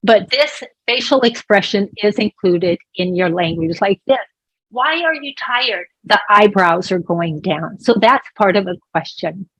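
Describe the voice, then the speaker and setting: A woman's voice: medium pitch, unhurried, few pauses, fairly bright tone, husky. Woman, voice interpreter, explanatory and conversational, small restarts, dry close sound, no room echo. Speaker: voice interpreter for a deaf presenter. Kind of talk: interpreting a sign-language lesson.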